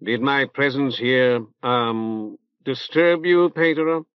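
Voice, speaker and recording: A man's voice: mid-range voice, slow, clean tone, lightly acted. A man voicing a pompous older male cleric with a reverberant nasal voice, fussy and full of hesitant ums. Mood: unctuous. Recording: dull dry tape transfer.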